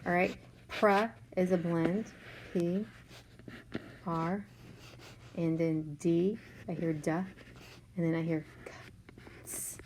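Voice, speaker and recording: Woman teacher, low-pitched, patient and slow, noisy recording. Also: fairly even intonation, a little mellow. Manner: slow, patient, sounds out letters. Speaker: third grade teacher. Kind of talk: remote spelling lesson.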